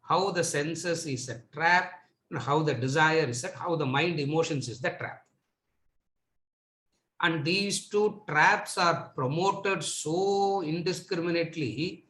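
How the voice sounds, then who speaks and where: A man's voice: on the high side, slow, fairly bright tone. A man teaching a spiritual lecture to a seated audience, asking rhetorical questions and repeating words for emphasis. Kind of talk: lecture on scripture. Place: lecture room with live audience. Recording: echoey room.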